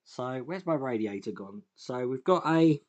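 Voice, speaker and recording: A man's voice: mid-range voice, animated, a little slow, a little mellow, dull audio. A man hosting a model-building video, thinking aloud as he works at a workbench, with sighs, chuckles and self-deprecating asides. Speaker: host, scale model builder. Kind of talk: casual build commentary.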